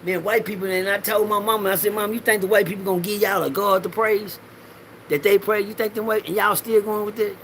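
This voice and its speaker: A man's voice: high voice, steady tone, a little fast, fairly bright tone, a little hiss or hum. A middle-aged man rambling through a preachy personal monologue in loose slang, swearing freely and repeating lines for the audience to say back. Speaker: vlogger.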